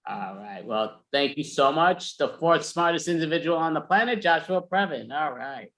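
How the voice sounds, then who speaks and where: A man's voice: a little high, expressive, moderate pace, a bit bright. Upbeat man hosting an online comedy show. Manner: upbeat, thanking performers. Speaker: show host.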